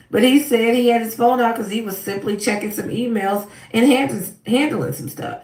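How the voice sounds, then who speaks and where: A woman casually recapping a court trial, animated and acting out quotes with sudden loud bursts. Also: mid-range voice, recorded from a distance. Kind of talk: casual commentary. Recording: echoey room, voice off-mic.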